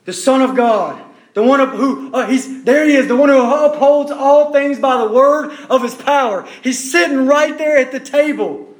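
A man preaching a sermon, emphatic and repeating his phrases, dropping to hushed questions to the listeners. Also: very high voice, normal speed. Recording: echoey room.

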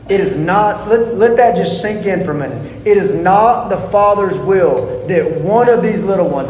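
A man delivers an earnest sermon in a notably high voice. He stresses single words and presses the congregation with repeated questions. His voice rings through a large church hall with a long reverb tail. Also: a little mellow, a little hiss or hum. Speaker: pastor. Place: church sanctuary.

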